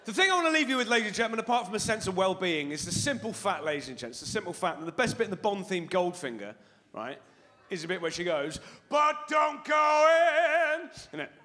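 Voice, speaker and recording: A man's voice: high-pitched, animated, quick pace, few pauses, bright, forceful tone. A man doing live stand-up comedy on a big concert hall stage, sweary and playful, teasing the crowd.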